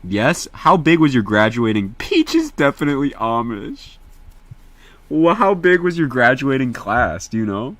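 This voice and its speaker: A man's voice: medium pitch, a little slow, dry recording. Profane young streamer guy. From Indiana, US. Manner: excitable, profane, slangy, calls viewers bro and dude. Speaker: livestreamer. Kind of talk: casual livestream chat.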